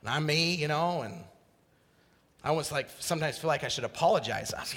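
A middle-aged male preacher from Idaho giving a passionate sermon, swinging from quiet confession to shouted exclamation. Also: on the high side, animated, a little fast, long reverb tail.

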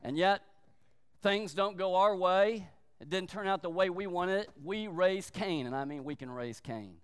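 A male pastor preaches emphatically, slowing down to drive home his points and briefly acting out the voices of people he quotes. His voice sits high and smooth, with the sound of a big room around him.

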